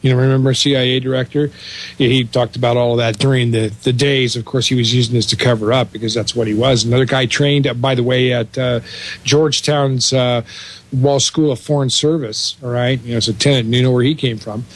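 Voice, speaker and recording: A man's voice: medium pitch, little pitch movement, fairly quick. A man co-hosting a talk radio show, speaking in a chatty, rambling way with lots of fillers. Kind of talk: casual talk radio chat.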